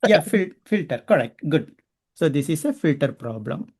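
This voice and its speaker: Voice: medium pitch, very animated, moderate pace, darkish tone, husky. An instructor teaching a class step by step and often checking in with the students. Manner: explains step by step, often asking the class questions.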